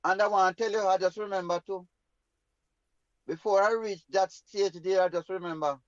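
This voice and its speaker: A man's voice: high-pitched, fairly even intonation, normal speed, no echo, muffled recording. A man with a Jamaican accent telling a personal story in an emphatic, rambling way in patois. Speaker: guest storyteller.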